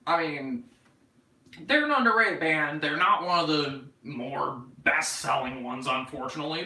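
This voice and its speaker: A man's voice: mid-range voice, bright, forceful tone, reverberant, distant mic, rough recording. A man in his twenties with a North Carolina Southern accent, hosting a casual livestream chat, rambling, joking and swearing as he reads comments. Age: 20s. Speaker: livestream host.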